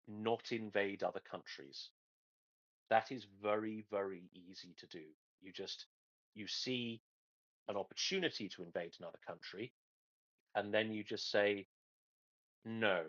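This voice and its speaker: Deep-voiced man, dry sarcasm. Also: dry recording, dull audio. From England. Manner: dry sarcastic humor, halting. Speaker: podcast host. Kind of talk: casual geopolitical chat.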